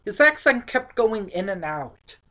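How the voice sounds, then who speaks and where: A woman's voice: medium pitch, sing-song, a little slow, fairly bright tone. Sarcastic woman reviewing a movie. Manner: sarcastic, exasperated, mocking. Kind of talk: casual movie review chat.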